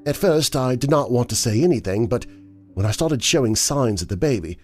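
A distraught young woman with a tearful, quivering voice, as a male narrator puts her on. Her voice is lifted well above his own and swings widely in pitch. She sounds bitter and shaken. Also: animated, brisk, a little mellow, soft background music, natural voice.

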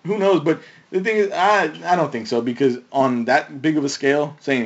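A man's voice: a little high, normal speed, muffled recording. A man co-hosting a casual movie chat, rambling and restarting his sentences. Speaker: podcast co-host.

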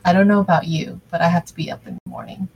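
Woman doing a sentimental young woman, low voice, soft n heartfelt, fan fic reading. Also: steady tone, quick pace, slightly rough, highs cut off. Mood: light. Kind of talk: amateur fan fiction reading.

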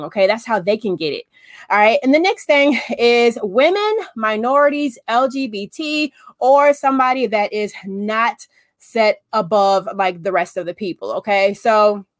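A woman coaching in a casual, chatty way, often checking in with "okay?" and acting out quotes in animated voices. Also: mid-range voice, dry recording, studio quality. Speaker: business coach. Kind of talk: casual talk to camera.

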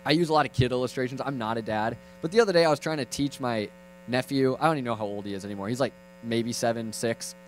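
A young man preaching a lively, conversational sermon that swings from loud to hushed, with playful asides. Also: mid-range voice, slight background noise, poor audio.

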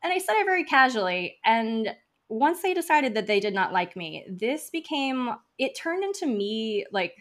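A woman guest on a podcast, telling stories in a chatty, animated way with frequent "like" fillers. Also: fairly high pitch, normal speed. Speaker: podcast guest, funeral home founder. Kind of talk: casual interview storytelling.

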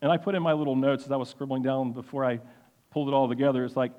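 A man giving a sermon-style Bible lesson, halting with many fillers and restarts. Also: medium pitch, level tone, muffled recording. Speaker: Bible teacher.

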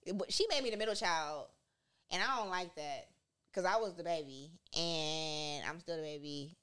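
A woman's voice: deep voice, normal speed, a bit bright, clean tone. Chatty laughing young woman host. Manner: laughs often, loose and chatty. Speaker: podcast host. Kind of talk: casual chat.

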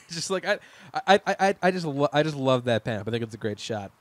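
This man, a podcast co-host, goes through a TV miniseries scene by scene in casual conversation, rambling, laughing and frequently starting over. He speaks in a mid-range voice that is animated and brisk, recorded with no room sound.

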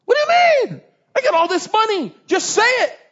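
A man's voice: very high voice, huge pitch swings, moderate pace, a bit bright, voice pushed up, full character voice. A man playing a scheming ancient king who pushily coaxes a prophet with money. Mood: pushy. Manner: wheedling, pushy. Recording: dull lo-fi recording.

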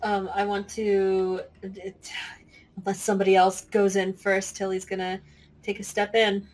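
A woman playing a tabletop game, sweet and apologetic in tone, on low-quality home audio. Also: monotone, unhurried, a little mellow. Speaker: player.

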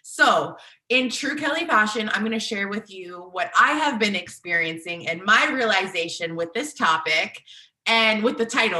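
A woman in her thirties hosting a solo podcast, talking in a chatty, bubbly way full of "like", with a slightly husky morning voice. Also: medium pitch, lively intonation, normal speed, bright, forceful tone, echoey room. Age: 30s. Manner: chatty, bubbly, filler-heavy with "like". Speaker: podcast host and inner child healing coach.

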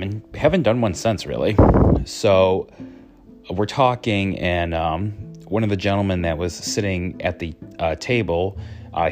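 A man who works as a psychic medium, telling a story in a chatty, rambling way full of fillers. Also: deep voice. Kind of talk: casual storytelling.

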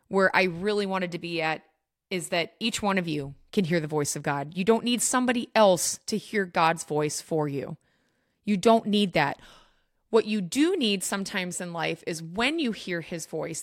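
A woman's voice: lowish voice, fairly bright tone, no echo. Woman podcast host, faith teaching, earnest and direct, dry booth-like sound. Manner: earnest, emphatic, addresses listeners directly.

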